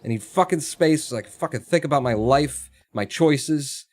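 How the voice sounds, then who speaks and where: A man's voice: fairly high pitch, moderate pace, darkish tone. A man live-streaming a space game, thinking aloud, reading chat and swearing casually.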